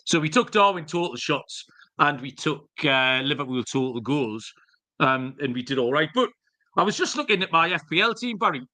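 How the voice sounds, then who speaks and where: A man's voice: fairly high pitch, animated, normal speed, sharp tone. A man co-hosting a podcast, telling jokey, rambling stories with the odd swear word. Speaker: podcast co-host. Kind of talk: casual chat.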